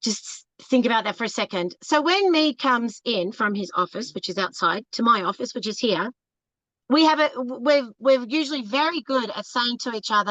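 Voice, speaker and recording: An Australian woman in her fifties with a fairly high, bright, forceful voice talks with candid, emphatic energy. She breaks into other people's voices as she speaks. The recording is dry and a little dull. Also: moderate pace, no echo. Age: 50s. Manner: emphatic, animated, acts out quoted voices. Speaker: relationship coach, podcast guest. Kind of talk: candid conversational advice.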